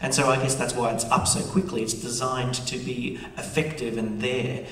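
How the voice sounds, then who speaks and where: A man's voice: medium pitch, flat delivery, moderate pace, fairly bright tone. A man hosting a panel on a theatre stage before a live audience, chatty and joking. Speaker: panel host. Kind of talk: onstage panel discussion. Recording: echoey theatre, distant mic.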